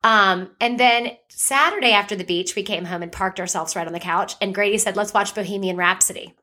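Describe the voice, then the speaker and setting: A middle-aged woman co-hosting a casual chat, telling weekend movie stories in a chatty, animated way. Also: mid-range voice, a little fast. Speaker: co-host.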